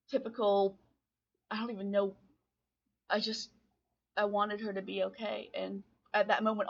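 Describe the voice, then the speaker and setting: Young woman, confessional vlogger, hesitant delivery, muffled lo-fi webcam sound. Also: mid-range voice. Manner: halting, full of restarts and fillers. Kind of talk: confessional storytelling to camera.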